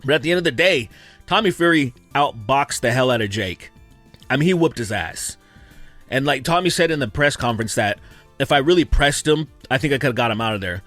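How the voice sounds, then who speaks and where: A man giving a casual, animated breakdown of a boxing match, full of opinions and acted-out quotes. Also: medium pitch, a little fast, soft background music. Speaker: YouTube commentator. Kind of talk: casual fight breakdown commentary.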